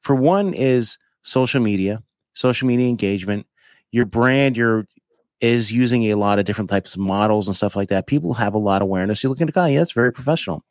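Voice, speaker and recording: A man's voice: fairly low pitch, fast talker, no echo, studio quality. A man hosting a podcast, who asks rambling questions and keeps correcting himself in a casual chat. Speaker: podcast host.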